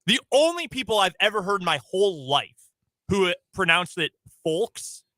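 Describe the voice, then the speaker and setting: A man's voice: high voice, big pitch swings, bright, forceful tone, no room sound. A man with an Upper Midwest accent from the Chicago area, co-hosting a sports radio show in casual, rambling chat. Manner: chatty, rambling, quick to laugh. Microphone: studio microphone.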